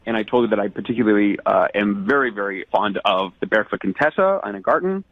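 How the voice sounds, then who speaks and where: A man's voice: fairly low pitch, expressive, fast, dry recording. A man on a prank phone call, ranting indignantly and with growing animation about a date.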